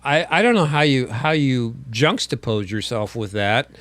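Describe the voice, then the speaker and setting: A man's voice: mid-range voice, expressive, moderate pace, fairly bright tone, dry recording. A man co-hosting a casual political chat show, rambling and sarcastic with sudden exclamations. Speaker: co-host.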